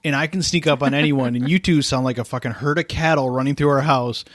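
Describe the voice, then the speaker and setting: A man's voice: medium pitch, fast, dry recording, studio quality. Wisecracking man on a podcast. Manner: wisecracking, teasing. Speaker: podcast co-host. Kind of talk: casual joking chat.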